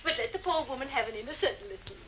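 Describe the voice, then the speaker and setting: A gushing, catty society busybody in a 1950s television drama, all honeyed sweetness. Her voice sits high and bright and swoops all over the place. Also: animated, very fast, a little hiss or hum, poor audio. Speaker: visiting friend.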